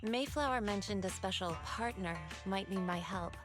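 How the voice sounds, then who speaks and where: An actress voicing a calm, mystical young woman master in a game, serene and oracular, over background music. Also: medium pitch, moderate pace, lightly acted. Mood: relaxed.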